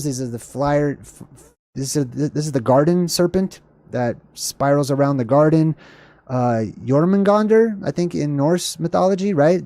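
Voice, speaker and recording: A slightly hoarse man talks through ideas on a livestream, loose and wandering, stopping to hunt for words and apologize. His voice sits a bit high but sounds soft and mellow. The sound is close and dry, with no room echo. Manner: searches for words, self-correcting, apologetic. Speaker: livestream host answering chat. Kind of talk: casual rambling explanation.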